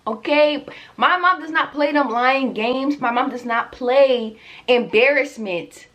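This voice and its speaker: A young woman telling a story in a vlog, animated and chatty, addressing her viewers directly. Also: high-pitched, slow. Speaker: vlogger.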